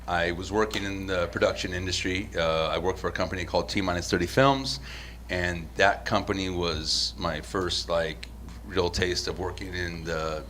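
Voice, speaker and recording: A man's voice: low-pitched, normal speed. A man from the United States, in his forties, tells a long story on a podcast. He swears freely, restarts his sentences and acts out the people he quotes. There is a faint hiss of room noise behind him. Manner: profane, animated storyteller with many restarts. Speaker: podcast host. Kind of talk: casual storytelling chat.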